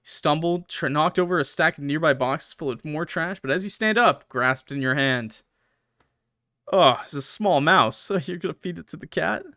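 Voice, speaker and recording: A man's voice: a little high, normal speed, sharp tone, no echo, clean studio sound. A young man playing a horror game, reading its text aloud with dramatic swings and joking asides. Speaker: gaming YouTuber.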